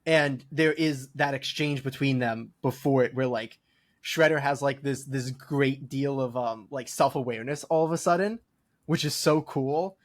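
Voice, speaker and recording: A man's voice: mid-range voice, moderate pace. A man co-hosting a podcast in casual chat, enthusiastic and full of "like" fillers. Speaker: podcast co-host.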